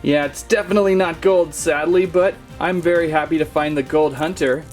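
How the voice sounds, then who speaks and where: A man's voice: on the high side, steady tone, brisk, soft background music. A man hosting a casual toy unboxing, talking in a playful, jokey, mock-serious way. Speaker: toy channel host.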